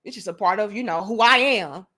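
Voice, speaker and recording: A woman's voice: mid-range voice, fairly quick, sharp tone. A woman in her thirties hosting a live commentary stream, talking bluntly and with emphasis and swearing freely as she tells personal stories to her chat. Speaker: commentary channel host.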